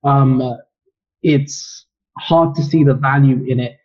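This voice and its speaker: A man being interviewed as a trading guest, explaining his views calmly. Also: medium pitch, slow pace. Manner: calm, explanatory. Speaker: trader guest. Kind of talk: interview answers. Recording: dull lo-fi audio.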